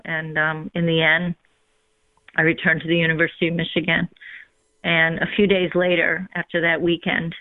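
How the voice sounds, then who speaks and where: Woman recounting her conversion, flat, gravelly delivery; tinny phone line, dry. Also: on the low side, no room sound. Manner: reflective, unhurried, with frequent ums. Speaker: guest sharing her faith story. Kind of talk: personal testimony in conversation.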